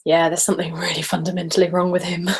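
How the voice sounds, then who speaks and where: A woman's voice: fairly low pitch, completely flat delivery, fast talker, slightly rough. Chatty English woman in a live stream. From Essex, England. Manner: chatty and giggly, dropping into soft whispers at times. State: sipping wine while talking. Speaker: ASMR creator hosting a live hangout. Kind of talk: casual live-stream chat reading viewer comments.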